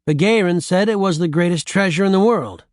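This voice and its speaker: A man's voice: sits high, brisk, no echo, clean studio sound, voice pushed up, close to an everyday voice. A man voicing a clever, anxious young boy in an audiobook, muttering and murmuring.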